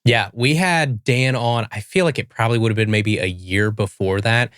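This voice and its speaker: Chatty podcast host, dry close sound. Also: male voice, on the low side, moderate pace, dry recording. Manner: relaxed, chatty, with fillers. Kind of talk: casual interview chat.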